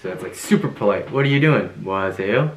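A man with a fairly low voice leads a casual video lesson. He sounds upbeat and playful, laughs easily, and says phrases slowly and more than once. The room is echoey. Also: expressive, a little hiss or hum. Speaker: Korean language teacher.

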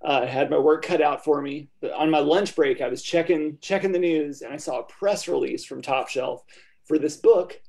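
A man, an illustrator, answering a panel question in a measured, thoughtful way. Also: a little high, vocal fry, a little mellow.

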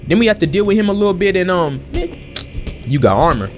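A man hosting a let's play, excitable and slangy, exclaiming at the game as he plays. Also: high-pitched, fast. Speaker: gaming channel host. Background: game music and sound effects.

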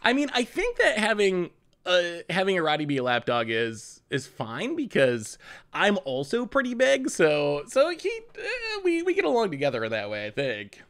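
A man's voice: high-pitched, huge pitch swings, moderate pace, fairly bright tone. A man casually commentating his card game on a live stream, chatty, laughing often and repeating himself as he talks.

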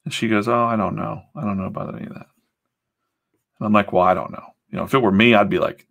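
A man's voice: fairly low pitch, fast talker, vocal fry, fairly bright tone. A man chatting casually while he works, telling loose stories with swearing and acted-out quotes. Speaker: comic artist streaming his drawing session. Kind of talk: casual rambling chat.

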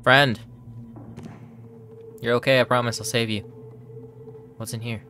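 A man's voice: mid-range voice, little pitch movement, fairly quick, a bit bright, faint music behind. A man playing through a horror game, talking to the characters on screen, yelping and swearing at each scare. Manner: jumpy, yelps and swears, talks to the game characters. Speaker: let's play gamer.

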